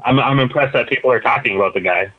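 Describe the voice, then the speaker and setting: A man's voice: mid-range voice, fast talker. A man calling in to a radio show, easygoing and wry in his answers. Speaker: caller. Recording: muffled phone line.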